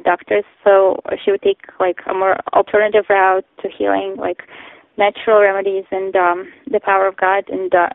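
A woman's voice: medium pitch, no echo. A woman from Ukraine calling a prayer line, speaking hesitantly with many fillers. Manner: hesitant, many ums and uhs. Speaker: caller asking for prayer. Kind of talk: phone call to a prayer line. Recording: tinny phone line, dry.

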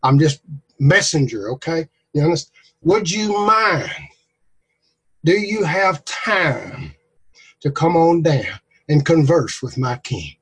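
A man's voice: on the high side, normal speed, husky. A man voicing a timid male soldier, begging and overly polite as he delivers a message. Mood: nervous.

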